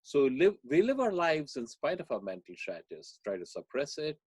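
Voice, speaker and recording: A man being interviewed on a podcast, explaining ideas through animated storytelling. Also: fairly high pitch, normal speed, husky, dry recording. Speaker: guest speaker.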